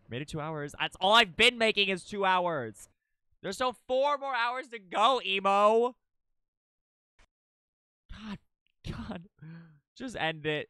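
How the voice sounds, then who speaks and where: A young man streaming a game live, narrating dramatically and swinging between loud panic and low, repetitive mutters. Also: a little slow, clean tone, dry recording.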